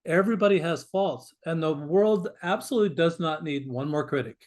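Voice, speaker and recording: A man with a fairly high speaking voice, talking as a podcast guest. He speaks earnestly and with emphasis, and he often stumbles over the first words of a sentence before he finds his point. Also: fairly quick. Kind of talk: conversational interview.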